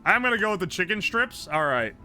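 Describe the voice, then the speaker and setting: A male streamer thinking aloud over a food guessing game, excitable and profane. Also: sits high, brisk, soft background music. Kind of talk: casual game commentary.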